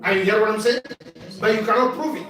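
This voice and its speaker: A man preaching a sermon as bishop, calling for responses from the congregation and rising to shouts. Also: high voice, fast talker. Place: church hall. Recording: echoey church sound from far off.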